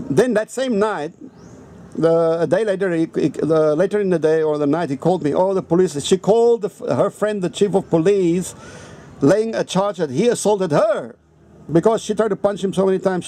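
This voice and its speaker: Male vlogger, raised pitch with a gravelly edge, rambling profane storyteller. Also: mellow, slight background noise. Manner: rambling, profane, heavy swearing. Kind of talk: casual storytelling rant.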